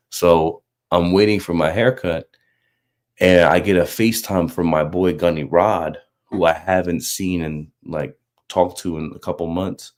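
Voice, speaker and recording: Telling a casual story about his faith, a low-voiced Marine recruiter in his thirties stumbles through plenty of fillers and false starts. He livens things up by acting out the other characters' voices in energetic bursts.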